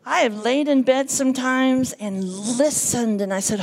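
Gravelly earnest woman giving testimony. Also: high-pitched, a little slow, few pauses. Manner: earnest, emotional storytelling with lively quoted dialogue. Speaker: church intercessor giving testimony. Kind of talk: personal testimony from the pulpit. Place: church sanctuary.

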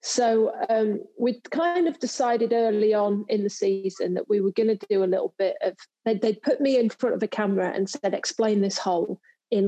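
A woman's voice: on the high side, warm tone, breathy edge, low-quality recording. A woman from England, a former pro golfer and TV presenter, chatting in an interview and telling stories with lots of fillers and restarts. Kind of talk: casual interview chat.

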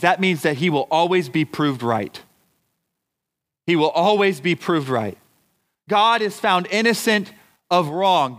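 A man preaching a sermon as pastor, deliberate and emphatic, asking his congregation rhetorical questions. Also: sits high, fairly bright tone. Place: church.

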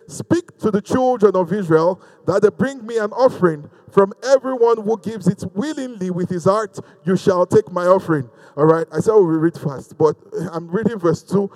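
A man preaches in a fairly high voice, swinging between bold declarations and hushed asides. He reads scripture aloud and draws the congregation into call-and-response. He sounds middle-aged and at ease in the pulpit. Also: in a large hall, rough recording. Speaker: pastor. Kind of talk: sermon.

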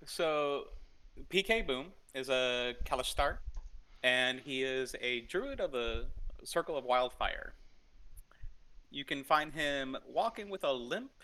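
Bright, animated guest player. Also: male voice, mid-range voice. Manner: relaxed, casual self-introduction. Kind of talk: casual tabletop role-play.

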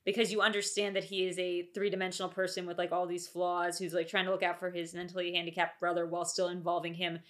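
A woman's voice: fairly low pitch, completely flat delivery, quick pace, hardly any pauses. A woman co-hosting a podcast, giving strong opinions in casual chat with lots of filler words. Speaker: podcast co-host.

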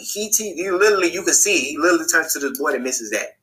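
A man's voice: quick pace, low-quality recording. A man hosting a podcast, recapping a TV episode in a casual, colloquial monologue and repeating phrases for emphasis. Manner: animated, acts out characters' lines in a higher voice. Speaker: podcast host.

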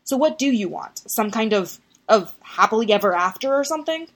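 A woman's voice: fairly high pitch, expressive, a little fast, voice pushed up. A woman voicing a guarded, sarcastic young man in an audiobook reading of a story. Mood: incredulous. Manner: sarcastic, tense.

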